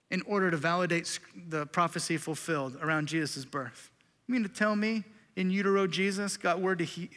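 A man delivers a conversational sermon with a high, bright, forceful voice. He preaches in an animated way, dropping playful asides to his listeners. His voice rings out in a big reverberant church hall. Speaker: pastor.

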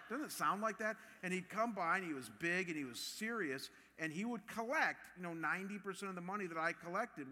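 A man in his fifties from Ohio, preaching a sermon with animated, personal storytelling. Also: fairly high pitch, big-room sound. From Ohio, USA. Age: 50s. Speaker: pastor.

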